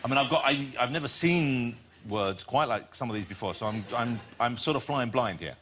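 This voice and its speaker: A man's voice: mid-range voice, expressive, normal speed, heavy background noise. A man hosting a talk show, interviewing a guest in a playful, teasing way. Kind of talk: casual chat. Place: TV studio with audience.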